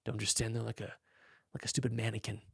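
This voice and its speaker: A man putting on a soft, low whispered voice as a wedding videographer coaching a groom, in whispered role-play. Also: level tone, quick pace, creaky, husky, no room sound, studio quality, heavily acted. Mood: hushed coaxing.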